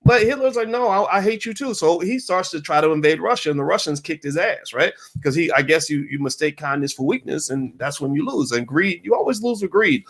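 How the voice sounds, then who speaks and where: A man hosting a casual livestream, answering viewer questions in an emphatic, animated way with mocking asides. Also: a little high, a little fast, vocal fry, few pauses.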